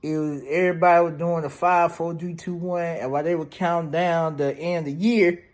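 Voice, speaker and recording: A man's voice: a little high, fairly even intonation, fairly quick. A man casually recapping a movie's plot in a loose, profane, slang-heavy way, peppered with "damn, bro". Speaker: movie reviewer.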